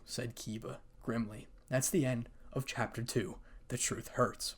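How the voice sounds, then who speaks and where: A man narrating a fan fiction story, reading quickly with small slips. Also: medium pitch.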